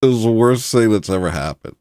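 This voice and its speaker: A man with a deep, low voice rants bluntly and provocatively, tossing in mocking asides. He talks casually as a podcast host. The sound is dry and close, with no room echo. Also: animated, brisk, dark tone, clear, resonant tone. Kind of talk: casual opinionated monologue.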